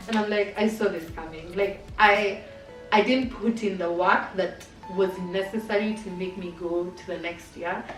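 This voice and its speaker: A woman's voice: medium pitch, far from the mic. A young adult woman telling a personal story to camera in a candid, chatty way, with many fillers. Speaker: vlogger. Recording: roomy sound from off-mic, faint music.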